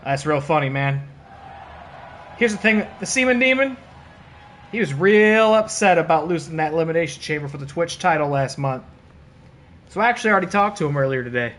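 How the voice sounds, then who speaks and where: Excitable, high-voiced male game streamer. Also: a little fast, long pauses, a little hiss or hum. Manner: excitable, laughing, bursts of disbelief; swears casually, playful trash talk. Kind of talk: casual live-stream commentary.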